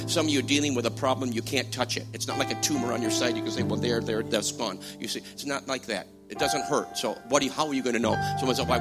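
A man preaching a sermon, swinging from hushed, slow passages to loud, emphatic ones. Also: medium pitch. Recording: music playing behind voice.

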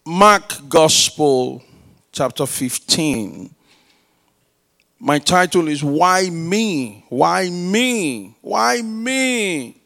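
A middle-aged man preaching in a slow, deliberate rhythm, his voice sitting fairly high for a man. He prays aloud, calls for answers from the congregation and builds his stories into loud, emphatic peaks. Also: animated, creaky. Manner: prays aloud and uses call-and-response with the congregation. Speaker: pastor. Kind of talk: sermon.

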